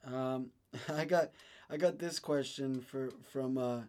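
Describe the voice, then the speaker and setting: A man co-hosting a podcast, talking in a halting way with many fillers in crude, joking banter. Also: mid-range voice, fairly even intonation, a little mellow. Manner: halting, lots of fillers and laughter. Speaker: podcast co-host.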